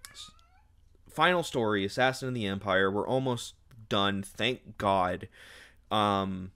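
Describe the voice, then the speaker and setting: A man's voice: on the low side, slow pace, fairly bright tone. A young man giving a casual, sarcastic, exasperated book review, ranting and mocking as he retells the plot.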